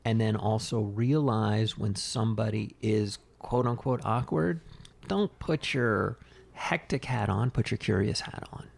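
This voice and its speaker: A man co-hosting a podcast, chatting casually and telling relaxed stories. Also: on the low side, measured pace, creaky. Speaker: podcast co-host. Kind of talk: casual chat.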